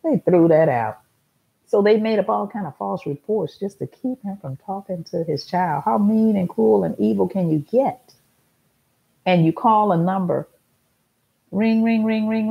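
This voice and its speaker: A woman's voice: fairly low pitch, creaky, breathy edge, dull audio. A middle-aged woman hosting a talk show, telling a story in an emphatic, repetitive monologue.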